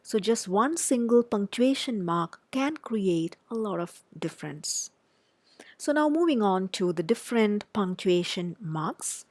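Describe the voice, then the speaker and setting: A woman lecturer with an Indian English accent walks through example sentences one by one, stressing key words as she reads them aloud. Her voice has a middle pitch, and the recording is dry and close with almost no room sound. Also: lively intonation, a little slow, darkish tone, no echo.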